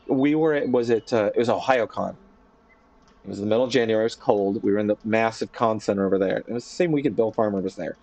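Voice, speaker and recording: A man streaming from his home office, chatting casually and telling a rambling, animated story with lots of fillers. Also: mid-range voice, fast talker, no echo. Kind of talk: casual chat.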